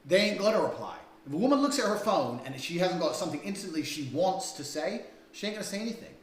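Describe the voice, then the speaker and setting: A man's voice: sits high, very animated, fast, roomy sound, far from the mic, a little hiss or hum. A man giving a blunt, profane lecture for a dating course, talking crudely and emphatically.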